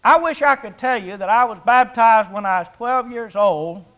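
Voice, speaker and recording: A man's voice: very high voice, moderate pace, a bit bright. A man in his sixties preaching a sermon in a folksy, conversational way, with jokes and rhetorical questions. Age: 60s.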